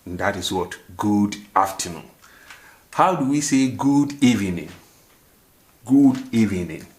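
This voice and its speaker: A man teaches a language lesson at an unhurried pace. His voice sits somewhat low. He drills each phrase and poses little "and that is what?" questions to the learner. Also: lively intonation. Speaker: language teacher, show host. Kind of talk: language lesson, slow and repetitive.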